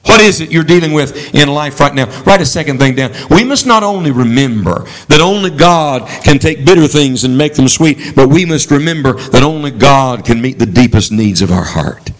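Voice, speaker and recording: A man's voice: normal speed, few pauses, rough recording. A man preaching a sermon as a traveling preacher, leading the congregation in call-and-response. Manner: animated, swooping pitch for emphasis.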